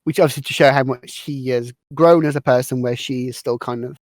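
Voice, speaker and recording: A man hosting a podcast, recapping a film in a rambling, halting way. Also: mid-range voice, fairly even intonation, no echo. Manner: rambling, halting, restarts words. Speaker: podcast host. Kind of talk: casual movie recap chat.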